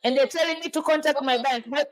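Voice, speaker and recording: A woman from Tanzania hosting a casual podcast chat, animated and laughing often, restarting her sentences with repeated words. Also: high-pitched, fast, poor audio. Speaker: podcast host.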